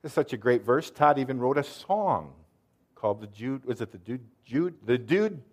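Here a man preaches in an expressive mid-range voice at normal speed. His sermon earnestly works through verses and quizzes the audience with questions.

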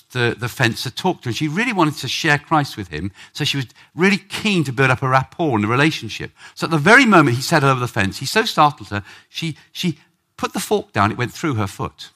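A man preaching a sermon in church, animated, acting out prayers with big swings in pitch and loudness.

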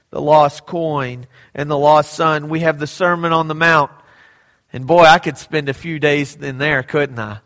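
A man's voice: a little high, fairly bright tone. A man preaching a sermon, telling stories with drama and acting out the quoted lines. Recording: echoey hall.

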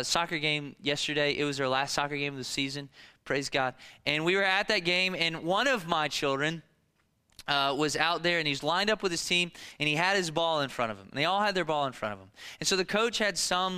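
A man's voice: fairly high pitch, pushed and bright, smooth. A man in his thirties preaching a sermon in a conversational way, asking rhetorical questions and telling stories from his own family life. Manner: rhetorical questions and personal anecdotes. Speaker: pastor.

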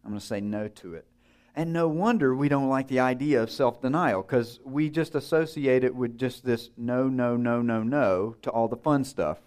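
A man's voice: mid-range voice, moderate pace, few pauses, a little mellow. A man preaching a sermon in a conversational way, putting questions to his listeners and acting out the voices in a story he tells.

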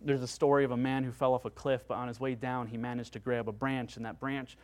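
A male pastor preaching a sermon in an earnest way, moving between hushed and loud passages. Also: medium pitch, flat delivery, quick pace.

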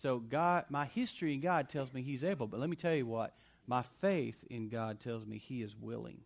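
A man preaching a sermon as pastor, swinging between loud punchy lines and quiet asides. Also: medium pitch, normal speed, gravelly.

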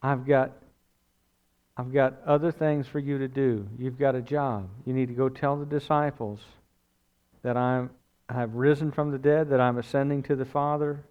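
A male preacher puts on a calm, gentle man who is sending someone off on a task, with a low, quiet and even delivery. The voice stays close to the preacher's own resonant tone in a slightly muffled recording. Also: normal speed, smooth, lightly acted.

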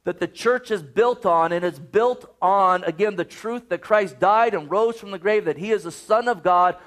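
Male pastor, middle-aged, high-pitched, fervent sermon delivery that slows for emphasis. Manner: fervent preaching, slows for emphasis, repeats scripture.

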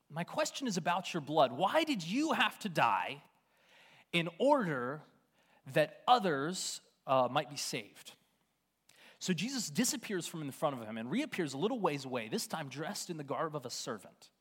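An earnest young man preaches to a congregation, his voice sitting a little high and swinging widely as he goes. He stumbles over and repeats words when moved, and carries the talk like a missionary's farewell sermon. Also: fairly bright tone. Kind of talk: sermon-style storytelling and exhortation.

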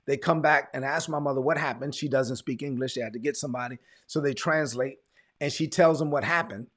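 A man's voice: mid-range voice, brisk, a bit bright. A man, a pastor telling his testimony in a sermon, repeating words as he tells the story. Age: 40s.

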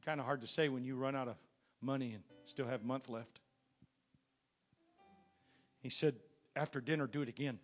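A middle-aged man preaching a Pentecostal sermon in a church, his volume surging and sinking as he builds to near-shouts. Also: medium pitch, steady tone, normal speed, long pauses, faint music behind. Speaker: pastor. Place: church sanctuary.

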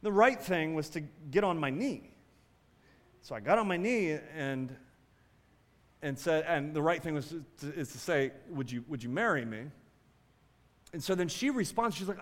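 A man preaching a sermon as a pastor, swinging between loud exclamations and quiet asides. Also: a little high, lively intonation, normal speed, in a large hall, a little hiss or hum.

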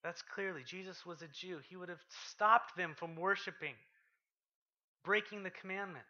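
A man preaching a sermon, reading scripture aloud with rising intensity and dropping to quiet asides. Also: sits high, normal speed. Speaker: pastor. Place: church. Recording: lo-fi sermon podcast recording.

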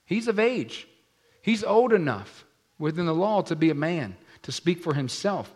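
An unhurried pastor with a fairly high, slightly rough voice gives a sermon. He brings the scripture story to life by acting out its voices and talks to the congregation with questions.

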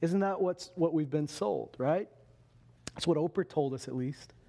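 A man preaching a sermon in an animated way, acting out quotes as he goes. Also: fairly high pitch, a little slow, vocal fry. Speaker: pastor.

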